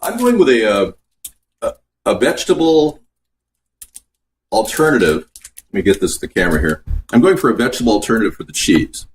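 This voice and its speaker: A man's voice: fairly low pitch, expressive, fairly quick, pauses often, a little hiss or hum. A man hosting a casual cooking show from his home kitchen, chatting and answering viewer comments as he goes. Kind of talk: casual live-stream cooking chat.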